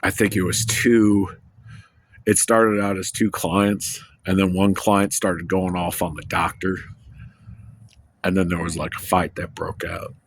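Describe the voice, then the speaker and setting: A man's voice: low-pitched, level tone, measured pace. A man talking to camera in a rambling personal monologue, losing his train of thought and swearing casually. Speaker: vlogger.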